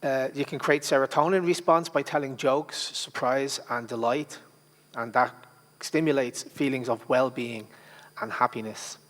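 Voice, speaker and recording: A man presenting a public speaking workshop in a conversational way, with fillers and restarts. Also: mid-range voice. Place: conference workshop room. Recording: long reverb in a hall.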